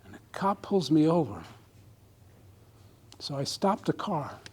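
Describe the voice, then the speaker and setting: A man's voice: on the high side, very animated, measured pace, a little mellow, slightly rough. A man giving a humorous speech at a club meeting, telling a comic story to a live audience. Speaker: club speaker.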